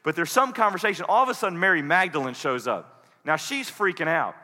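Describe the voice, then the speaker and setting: A man preaching a sermon as an animated storyteller who slips into different voices. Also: fairly high pitch, brisk, big-room sound. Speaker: pastor. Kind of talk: sermon with dramatic retelling.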